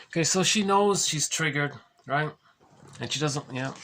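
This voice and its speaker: A man's voice: on the high side, moderate pace, fairly bright tone. A man giving an informal spoken lesson, explaining ideas conversationally, often restarting sentences and ending points with "right?". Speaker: lecturer on psychology.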